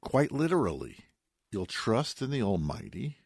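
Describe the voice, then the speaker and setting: Animated man preaching a folksy sermon. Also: lowish voice, measured pace, vocal fry, slightly rough, dry recording, studio quality. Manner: animated storytelling with Hebrew and Yiddish words; folksy, homespun asides. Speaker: rabbi giving a weekly Torah talk. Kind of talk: radio sermon on the weekly portion.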